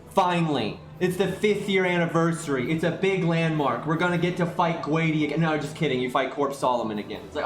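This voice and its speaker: A man's voice: high voice, echoey room. A man streaming live, ranting in exasperation about a game, swearing and restarting his sentences as he goes.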